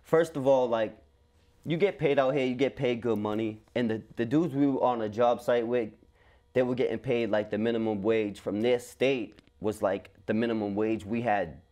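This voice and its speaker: Boston man telling animated stories. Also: mid-range voice, moderate pace. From New England. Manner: animated storytelling with street slang. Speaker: podcast host. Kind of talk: casual chat.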